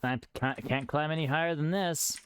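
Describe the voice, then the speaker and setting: A man's voice: on the high side, moderate pace, fairly bright tone, slight background noise. A man streaming a game live, joking sarcastically as he reads quiz questions aloud and comments. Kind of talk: casual live gameplay commentary.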